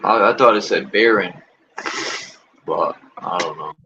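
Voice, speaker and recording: A man's voice: sits low, unhurried, vocal fry, muffled recording, noisy background. A man hosting a livestream, ranting in casual talk and repeatedly tossing in rhetorical questions. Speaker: livestream host.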